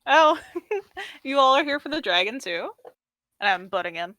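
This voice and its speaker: A woman's voice: high voice, animated, moderate pace, sharp tone, no room sound, pitched above the performer's own voice. A woman voicing a brash, grimy female adventurer who teases and mocks in a tabletop game. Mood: mocking. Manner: mocking, playfully skeptical. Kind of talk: tabletop role-play in character.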